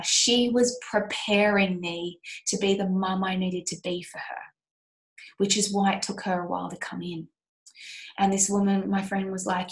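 A woman speaking at an ordinary mid pitch, leading a course as a healing coach. Her delivery is soft and sincere. She wanders through her thoughts with fillers and self-corrections, like someone recounting a session from memory. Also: poor audio. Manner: soft, earnest, rambling with frequent fillers and restarts. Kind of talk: teaching a course, telling a client story.

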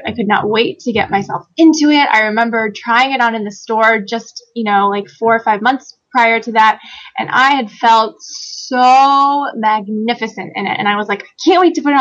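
A woman guest telling a personal story in a conversational interview, animated, laughing often and acting out quoted lines. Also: fairly high pitch, muffled recording. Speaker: guest author.

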